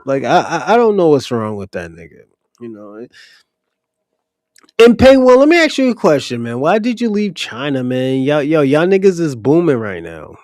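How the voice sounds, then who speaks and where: A man's voice: a little high, big pitch swings, moderate pace, darkish tone, dry recording, studio quality. A man hosting a livestream, talking bluntly and profanely straight to his chatters. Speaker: livestream host answering chat. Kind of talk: casual ranting commentary.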